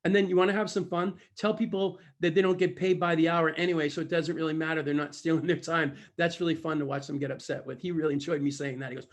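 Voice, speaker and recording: A man who trains salespeople, giving an animated storytelling talk and acting out the dialogue of the people in his anecdotes. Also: on the high side, fast talker, few pauses. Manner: animated, acts out dialogue, addresses listeners directly.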